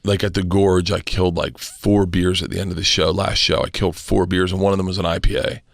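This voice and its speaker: Profane rambling man, low dry voice. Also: little pitch movement, fairly quick, vocal fry, no room sound. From Florida, US. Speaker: guest, touring comedian. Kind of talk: casual storytelling.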